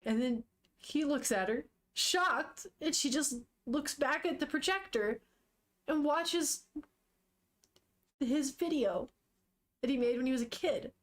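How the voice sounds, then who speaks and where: A woman with a high voice reads a manga aloud in a loose, casual way. She narrates panel by panel and keeps cutting in with excited, profane exclamations of surprise. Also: slow pace, pauses often. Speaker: manga reader, streamer. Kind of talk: casual read-aloud with reactions.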